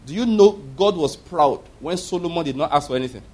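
A man's voice: fairly high pitch, animated, fairly quick, a little mellow, slightly rough. A middle-aged man preaching a sermon, telling stories with emphatic repetition. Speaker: pastor.

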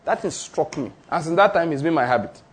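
A man delivers a sermon in a husky, somewhat high voice. He is emphatic, throws questions to his listeners, and repeats declarations for weight. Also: lively intonation, brisk. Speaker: preacher.

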